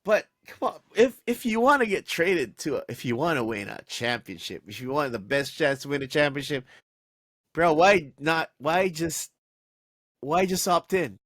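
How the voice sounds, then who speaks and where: An animated man co-hosting a sports podcast, venting with exasperation and tripping over his own restarts. His voice sits a little higher than most men's. The sound is dry and close, with no room around it. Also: normal speed, dry recording. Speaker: podcast co-host. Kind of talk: casual sports podcast chat.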